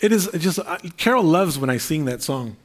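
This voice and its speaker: Earnest, fairly high-voiced man preaching. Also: animated, normal speed. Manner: earnest, conversational preaching with fillers and repetitions. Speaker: pastor. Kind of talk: sermon.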